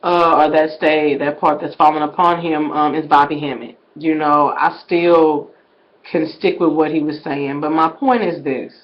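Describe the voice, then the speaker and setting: Her low-pitched voice is fairly even and moderately paced as she vlogs casually, though she still dips into near-whispered asides and bursts into shouts. She calls her viewers "y'all" throughout, and the highs in the audio are cut off.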